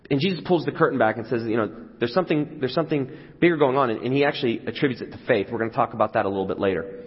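A man's voice: medium pitch, racing, breathy edge. A man preaching a sermon in a casual, conversational way, sometimes acting out the voices of the crowd. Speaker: pastor. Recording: dull sound with long hall reverb.

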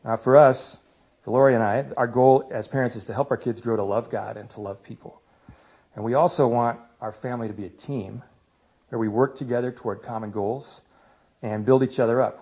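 A man in his thirties speaking to a church congregation about parenting, in a conversational way with self-mocking humor. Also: mid-range voice. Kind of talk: church talk. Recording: slightly dull lo-fi sound.

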